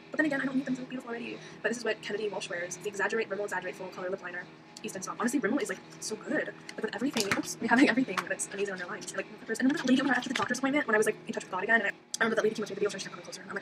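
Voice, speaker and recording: A woman's voice: mid-range voice, very fast. A young woman vlogging in a rambling, casual monologue, filling her talk with "like" and acting out what others said. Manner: rambling, heavy use of "like", quoting others in voices. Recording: noisy home recording.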